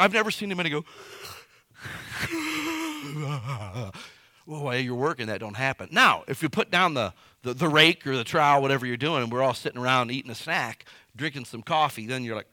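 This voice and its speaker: A man preaching a sermon as pastor, in a lively, conversational way with everyday stories and folksy grammar. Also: on the high side, dry recording, studio quality.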